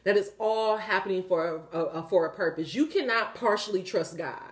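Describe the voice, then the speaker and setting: A woman giving a casual spiritual tarot reading, animated and profane, often laughing as she talks. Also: medium pitch, fairly quick. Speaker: tarot reader.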